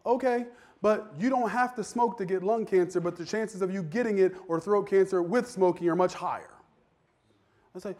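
High-voiced man preaching a sermon. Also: fairly quick. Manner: conversational preaching that builds to fervent shouting. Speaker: pastor.

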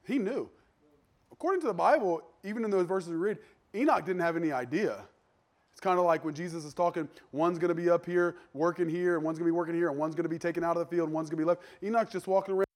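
A man preaching a sermon in a conversational way, animated, with sudden jumps in pitch and loudness and joking asides. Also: racing.

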